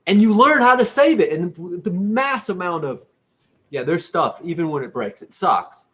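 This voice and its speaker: Male interviewer, slightly higher voice, agreeable and chatty. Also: animated, normal speed, a bit bright. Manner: agreeable, brief affirmations. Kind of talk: casual interview talk.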